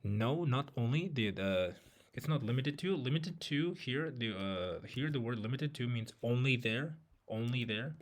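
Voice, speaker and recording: A man working through an exam reading passage, thinking aloud with many fillers and restarts. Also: medium pitch. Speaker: IELTS tutor. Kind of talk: walkthrough of a reading test.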